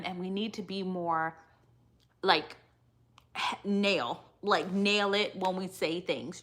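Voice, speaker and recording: Brief: woman host, live recap show, animated and emphatic, sassy. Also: lowish voice, slow pace, long pauses. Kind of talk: live aftershow commentary.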